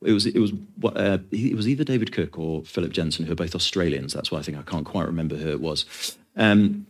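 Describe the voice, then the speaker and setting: Preacher, man, very low voice, earnest emphatic sermon delivery with casual asides. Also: a little fast.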